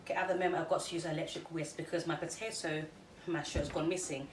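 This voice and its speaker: A woman's voice: sits low, fairly even intonation, quick pace. A young woman demonstrating a recipe in her home kitchen, chatty and self-deprecating, with fillers and small laughs. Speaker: cooking vlogger. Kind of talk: casual cooking demonstration. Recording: noisy kitchen recording.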